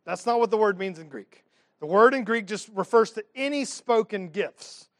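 A man's voice: sits high, animated, moderate pace, no room sound. A man preaching a teaching sermon as pastor of his church, reading scripture and adding humorous asides.

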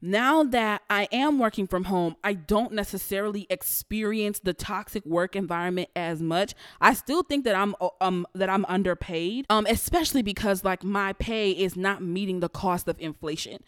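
A young woman hosting a podcast, ranting about work in a blunt and heavily profane way. Her voice sits in a middle register and stays animated as she tells her stories. The recording is dry and close, with no room sound. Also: mid-range voice, normal speed, hardly any pauses, clean tone, no room sound. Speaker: podcast host. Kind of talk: casual storytelling rant.

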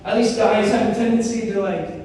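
A man's voice: high voice, a little fast. Young man talking in a very echoey hall. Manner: animated storytelling with many fillers. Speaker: speaker on Christian formation. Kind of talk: casual talk. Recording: very echoey hall, mic far off, faint noise.

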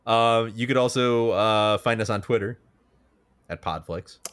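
A man's voice: lowish voice, a little slow, fairly bright tone. A man co-hosting a podcast in casual chat, joking around and laughing often. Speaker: podcast co-host.

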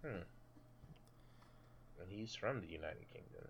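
Male podcast co-host, lowish and bright, loose and profane, on a dull lo-fi mic. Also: animated, unhurried, slightly rough. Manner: loose, swearing, self-correcting. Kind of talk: casual chat.

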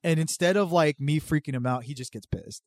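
A man tells a prank story in relaxed chat, switching voices as he plays each person in it. His pitch jumps around, and the close microphone leaves almost no room sound. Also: fairly quick, no room sound. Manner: animated storyteller acting out both sides of a prank. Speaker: podcast guest telling stories. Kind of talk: casual chat.

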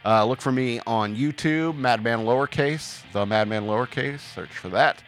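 A man's voice: medium pitch, moderate pace, a little hiss or hum. A man hosting a podcast in casual banter, rambling and joking about news stories. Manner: joking, rambling, puts on silly voices. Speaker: podcast host.

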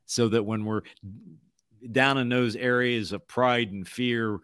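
A man's voice: medium pitch, fairly even intonation, takes it slowly, a bit bright, clean tone, dry recording, clean studio sound. A man co-hosting a podcast, talking casually and reflectively, often checking in with "right?". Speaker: podcast co-host. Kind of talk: casual conversation.

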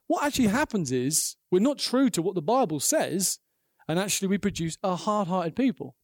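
A man preaching a sermon, earnest and animated, acting out the quotes in his stories. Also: high-pitched, normal speed, no echo, studio quality.

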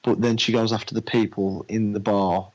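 A man's voice: on the low side, little pitch movement, low-quality recording. A man in casual chat about films he has watched, chatty and loose, acting out little anecdotes. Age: adult with a daughter. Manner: chatty, uses "mate", acts out anecdotes in quick voices.

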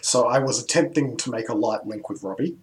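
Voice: medium pitch, fairly quick. A player in an online tabletop game, talking in a plain, matter-of-fact way. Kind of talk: casual tabletop game chat.

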